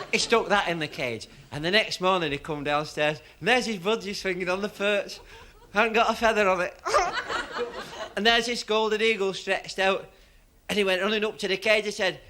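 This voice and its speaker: A man's voice: sits high, pushed and bright, a little hiss or hum. A man telling stand-up jokes, often laughing at his own punchlines. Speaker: stand-up comedian. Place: comedy stage.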